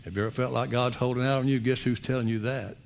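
A man's voice: mid-range voice, steady tone, quick pace, creaky, slight background noise. Male pastor, sermon, conversational, folksy, repetitive.

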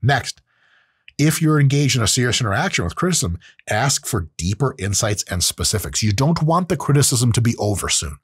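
A man's voice: mid-range voice, very animated, brisk, slightly rough, no echo, studio quality. A man hosting a show, giving advice in a casual, profane, joking monologue. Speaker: podcast host.

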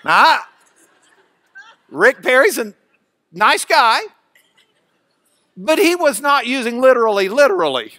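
Man, high bright voice, dry close sound, folksy Bible class teacher. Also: lively intonation, slow, long pauses, dry recording. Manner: folksy, chatty, with many restarts and asides. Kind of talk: classroom lecture.

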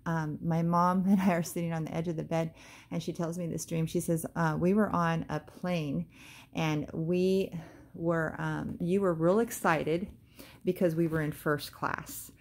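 A woman's voice: sits low, steady tone, unhurried, darkish tone. A woman telling a devotional story to camera in a casual, hesitant way, with many fillers and bursts of praise. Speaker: Christian vlogger.

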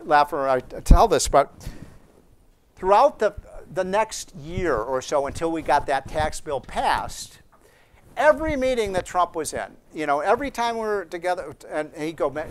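Man, higher-pitched, rambling seminar talk to students, live room, faint background noise. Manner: chatty anecdotal delivery with frequent restarts and asides. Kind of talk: storytelling speech to students.

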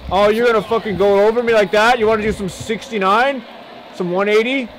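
A man's voice: very high-pitched, sing-song, fast, a little hiss or hum, rough recording. A man voicing a boastful, foul-mouthed male Irish fighter who rants taunts and brags about money in a comedic parody voice-over. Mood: mocking.

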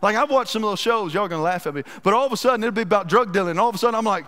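A man preaching a sermon as pastor, telling stories in a folksy, animated, self-deprecating way. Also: sits high, rapid-fire, few pauses. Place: church sanctuary. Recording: reverberant church hall.

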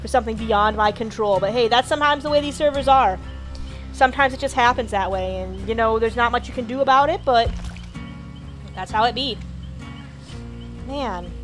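High-voiced woman streaming a game. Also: moderate pace, pauses often, fairly bright tone, soft background music. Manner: chatty, grumbling, talks to game characters. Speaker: gaming streamer. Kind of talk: casual gameplay commentary.

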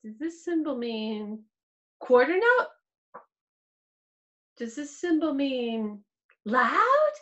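High, lively-voiced woman teaching preschoolers. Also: slow pace, long pauses, poor audio. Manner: sing-song, playfully exaggerated questions. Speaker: pre-K piano teacher. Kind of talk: virtual music class for young children.

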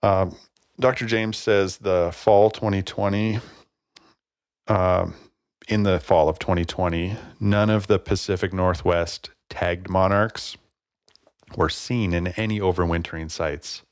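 Speaking a little slowly in a deep voice, this solo podcast host keeps things easygoing, drifting off on tangents and dropping fillers throughout. The audio is dry and studio quality.

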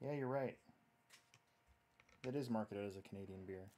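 The host of this casual stream talks at normal speed in a dark, lowish voice. He works on a build while chatting loosely and rambling, stopping to read viewer comments out loud.

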